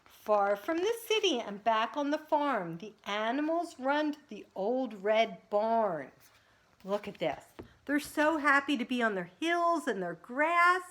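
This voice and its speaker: A woman who teaches preschool reads picture books to children in an animated, sing-song voice, pausing between pages to chat with the kids. Her pitch runs on the high side.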